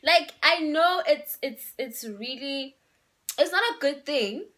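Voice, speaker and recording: A woman's voice: high-pitched, lively intonation, takes it slowly, fairly bright tone. A young woman, giving relationship advice in a casual, emphatic vlog and slipping in local words. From Eswatini. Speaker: vlogger.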